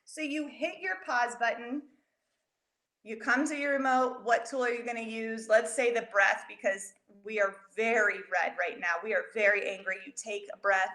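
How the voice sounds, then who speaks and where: Animated woman teaching kids, roomy sound. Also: on the high side, normal speed. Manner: animated, expressive, talks directly to children. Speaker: educator teaching children. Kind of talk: storytelling lesson for kids. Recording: roomy echo.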